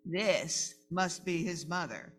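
A woman reading a picture book aloud to children at a live event, animated and talking to her audience. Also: fairly low pitch, slow, faint music behind. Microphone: microphone.

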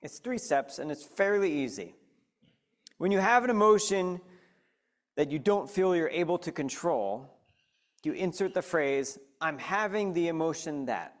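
A man's voice: a little high, a little slow, pauses often. A man leading a mindfulness talk, speaking conversationally and directly to a live audience with frequent questions. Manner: animated, addresses listeners directly with questions.

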